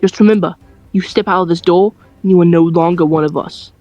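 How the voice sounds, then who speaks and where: An amateur voice actor playing a stern elderly woman who represents factory workers, in a fan dub delivered slowly and deliberately. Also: mid-range voice, steady tone, dark tone, no room sound, faint music behind, close to an everyday voice.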